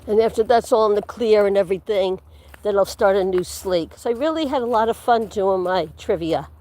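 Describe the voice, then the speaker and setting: A woman hosts a livestream while walking through the woods, chatting casually and rambling, laughing often and sometimes dropping to a whisper. Her mid-range voice is warm and a little fast.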